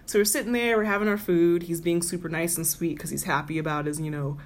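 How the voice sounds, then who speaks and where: A woman in casual podcast chat, telling a dating story in an animated way and mimicking the voices of the people in it. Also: on the low side, fast. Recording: clear background noise.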